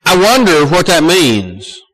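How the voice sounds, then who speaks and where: A man's voice: sing-song, slow pace, poor audio. Southern male preacher, conversational sermon, homespun humor, soaring emphasis. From American South. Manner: folksy, conversational preaching that rises to loud high emphasis.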